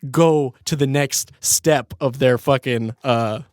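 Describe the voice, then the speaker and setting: A man's voice: medium pitch, takes it slowly, no room sound, studio quality. A young man hosting a podcast, telling a story in a laid-back way, laughing often and swearing freely. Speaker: podcast host. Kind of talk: casual storytelling.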